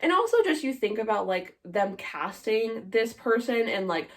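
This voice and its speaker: A woman's voice: a little high, sing-song, normal speed. A young woman co-hosting a podcast in casual chat, giving blunt opinions and saying "like" a lot. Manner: chatty, opinionated, heavy use of "like". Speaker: podcast co-host.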